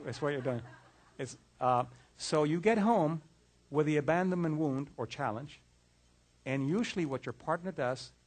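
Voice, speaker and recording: A middle-aged man giving a conversational lecture on relationships, often repeating words and restarting phrases as he tells case stories. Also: on the high side. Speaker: lecturer on mind-body health.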